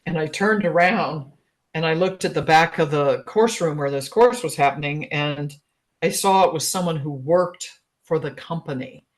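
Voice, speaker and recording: A woman's voice: low voice, normal speed. Chatty older woman telling her story. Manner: chatty and animated, laughs often, many fillers. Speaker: guest, relationship expert. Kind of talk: casual storytelling in an interview.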